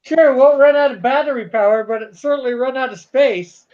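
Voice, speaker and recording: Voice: sits high, fairly quick, narrow, tinny audio. A speaker in casual livestream chat, bantering and teasing the artist.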